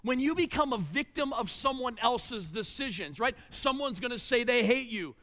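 A man in his forties preaching a sermon, telling a story with animated delivery and sudden drops to a hush. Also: very high voice, moderate pace. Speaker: pastor.

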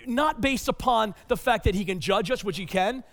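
A man with a high, ringing voice preaches a sermon, pressing his points with urgency and then dropping to a hush. He stumbles into repeated words as he restarts a thought. The sound carries the long reverb of a large church hall. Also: normal speed. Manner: emphatic, swings between loud urgency and hushed tones. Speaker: pastor.

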